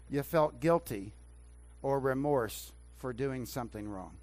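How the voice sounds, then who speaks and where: A man preaching a sermon as pastor in a church, swinging between hushed talk and loud emphatic preaching. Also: mid-range voice, unhurried. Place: church sanctuary.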